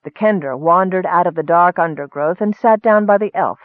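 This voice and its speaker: Male narrator, steady storytelling, slightly high voice, tinny phone-like sound. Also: moderate pace, dry recording. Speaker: audiobook narrator. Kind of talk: scripted narration.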